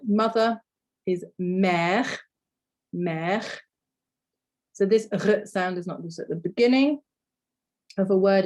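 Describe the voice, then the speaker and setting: A woman with a lowish, darkish voice teaches a phonics lesson, explaining patiently and modelling sounds for learners to repeat.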